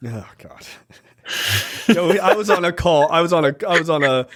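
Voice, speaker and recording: A man co-hosting a podcast, chatting casually about movies, animated, laughing and swearing. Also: a little high, normal speed. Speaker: podcast co-host.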